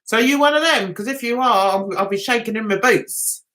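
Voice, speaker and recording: A woman's voice: on the high side, normal speed, fairly bright tone. A woman with a London accent touched by Essex, hosting a casual live chat and talking to viewers in a chatty, sarcastic, teasing way. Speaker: livestream host.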